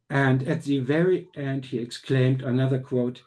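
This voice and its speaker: A man delivers a measured academic conference lecture. His voice is dark and mellow at a middle pitch, and he pauses now and then to restart a phrase. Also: fairly even intonation. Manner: measured, reads quotes aloud with small restarts.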